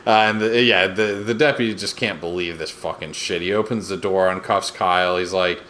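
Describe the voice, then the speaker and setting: A man with a low voice co-hosts a podcast, walking through a TV episode in loose, rambling chat full of fillers. A faint hiss sits under the recording. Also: fairly quick, few pauses, a bit bright. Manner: rambling, fillers, quotes scenes with put-on voices. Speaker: podcast co-host. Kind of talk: casual recap chat.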